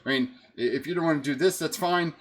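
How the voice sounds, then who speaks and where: A man's voice: a little high, close to an everyday voice. Brief: an awkward, sorry-sounding fey woman as a man puts her on, talking in a rush. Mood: apologetic. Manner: fumbling, apologetic, hurried. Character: flustered apologetic fey woman summoner.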